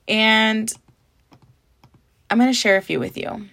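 Slow and slightly bright, her fairly high voice carries some vocal fry. She's a young woman from the Southern California desert hosting a casual solo podcast, chatting openly and dropping in Spanish and swear words.

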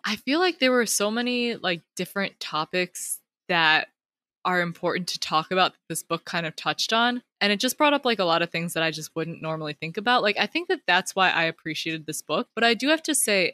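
A woman's voice: mid-range voice, pushed and bright, no room sound, studio quality. A young woman, a teacher, chatting casually about a book on a review podcast, upbeat and full of "like" fillers.

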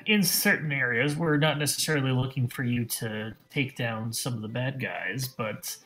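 Man voicing a courteous noble agent, formal, hesitant, mid-pitched. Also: moderate pace, bright, forceful tone, soft background music, natural voice. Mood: patient. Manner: formal, hesitant, filler-laden. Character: smooth male noble field agent recruiter.

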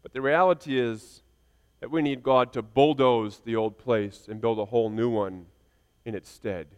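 A man preaching a sermon with an emphatic, repetitive cadence, moving between quiet reflection and forceful declaration. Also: medium pitch, smooth. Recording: long hall reverb.

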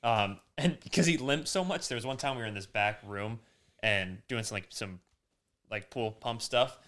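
A man's voice: lowish voice, moderate pace, a bit bright. A young man in casual podcast chat, telling a long story and acting out the quoted lines with sudden jumps in his voice. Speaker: podcast host.

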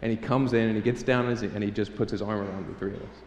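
A man in his thirties preaching a sermon, telling a personal story with animated delivery and acting out voices. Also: lowish voice, rapid-fire, slight background noise. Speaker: pastor. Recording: echoey hall reverb.

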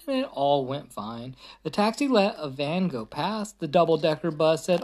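A young woman reading a picture book aloud at home, animated and sing-song. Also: sits low, moderate pace.

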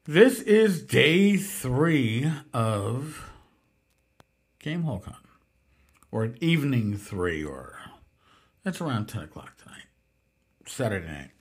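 A man hosting a casual podcast, slightly hoarse as he loses his voice, rambling and swearing wryly as he talks into a desk mic at a convention. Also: medium pitch, very animated, takes it slowly, pauses often. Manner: rambling, profane, wry. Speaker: podcast host.

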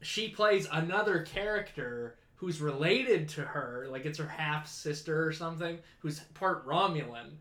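Bright-voiced man on an echoey podcast. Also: fairly high pitch, measured pace, hardly any pauses. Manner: rambling, exasperated, loud disbelieving outbursts. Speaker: podcast co-host. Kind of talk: casual chat. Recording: echoey room.

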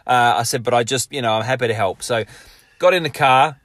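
A man's voice: medium pitch, fairly quick, a bit bright, dry recording. Man, casual storytelling, swears a lot, dry close recording. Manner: swearing, storytelling, laughs often. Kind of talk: casual chat.

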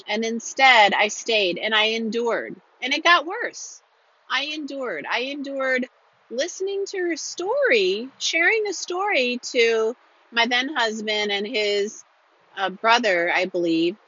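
A woman's voice: mid-range voice, bright, forceful tone. A woman telling a personal story in an earnest, emphatic way, repeating phrases to drive her point home. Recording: dull lo-fi recording.

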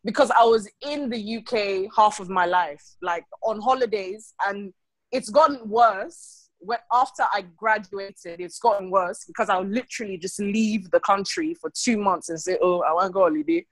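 A woman's voice: mid-range voice, moderate pace, no echo, poor audio. A young woman from Sierra Leone with a Sierra Leonean accent and a slight British tinge, chatting casually as a guest and sprinkling in "like" and Krio phrases. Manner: chatty, frequent "like" fillers, slips into Krio phrases. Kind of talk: casual chat.

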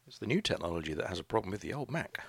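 A middle-aged man with a deep, husky voice talks through a casual solo podcast. He rambles and restarts his sentences often. The recording is close and dry. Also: sing-song, racing, no echo. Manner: rambling, hesitant, with frequent restarts. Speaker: podcast host, craft shop owner.

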